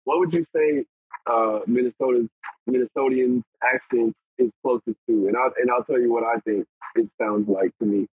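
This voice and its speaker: Man from Texas, easygoing rambling chat, husky voice, tinny phone-like line, dry sound. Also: medium pitch, fairly even intonation, normal speed, no room sound. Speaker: podcast guest, apparel brand owner. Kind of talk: casual chat.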